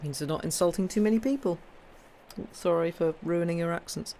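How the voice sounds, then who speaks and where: A woman's voice: deep voice, steady tone, fairly quick, darkish tone, slight background noise. A woman livestreaming, chatting with viewers in a hesitant way before reading a ghost story aloud. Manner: chatty, hesitant, many ums. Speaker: streamer reading ghost stories. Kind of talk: casual chat with live chat, then story reading.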